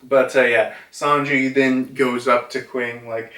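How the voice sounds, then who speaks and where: A man's voice: mid-range voice, flat delivery, takes it slowly, a bit bright. A young man recapping a comic chapter in a casual, rambling way, full of fillers and acted-out character lines, recorded in a room at home. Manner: rambling, filler-heavy, acts out dialogue. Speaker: manga reviewer. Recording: roomy, from a distance.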